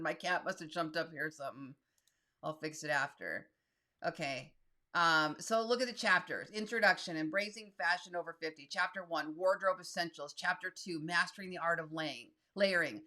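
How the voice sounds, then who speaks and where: A woman in her fifties talks viewers through a tutorial in a casual, blunt voice. Her voice sits a little low, and she reads text aloud as she types it. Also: sharp tone. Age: 50s. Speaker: solo creator and YouTube host. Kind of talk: casual screen-share tutorial.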